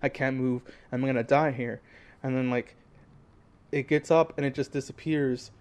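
Young man, podcast co-host, casual chat, animated storytelling, lots of fillers. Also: mid-range voice, normal speed.

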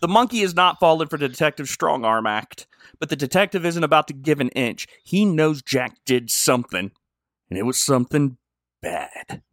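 A man's voice: on the high side, fairly quick, no room sound, clean studio sound. Giggly man recapping a film. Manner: giggly, recaps the plot in a deadpan way. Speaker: podcast co-host. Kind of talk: casual comedic film review chat.

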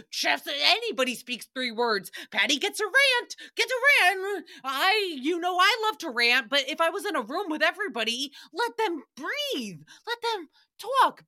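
Her voice is high, pushed, and bright as she hosts a podcast, running through a comedic recap in a chatty, sassy monologue. She giggles and hops between different voices and rhymes.

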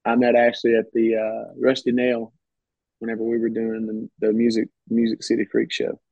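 Completely flat in delivery, this mid-range male voice holds a normal speed with no echo. He's a podcast guest telling loose, rambling stories and often restarting phrases, captured in dull, slightly muffled sound.

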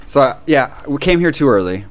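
A man with a Midwestern American accent, telling a long story as a podcast co-host in a casual chat, animated and full of swearing and laughs. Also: mid-range voice, brisk, slight background noise. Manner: animated, profane ranting with frequent laughs.

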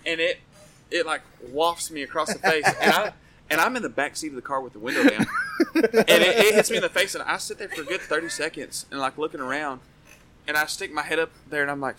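A man casually telling a rowdy story on a podcast, animated and swearing, laughing often. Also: fairly high pitch, a little hiss or hum, poor audio.

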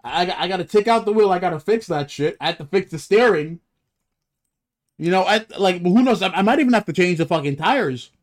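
A man's voice: sits high, animated, fairly quick. Swearing young man ranting casually. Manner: profane, rambling complaints with restarts. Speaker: podcast co-host. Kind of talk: casual chat.

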